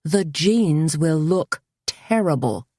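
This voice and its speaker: A woman's voice: deep voice, slow pace, darkish tone, breathy edge, no room sound, clean studio sound, full character voice. A woman voicing a haughty, caustic woman boutique owner in a storybook reading, curt and huffy.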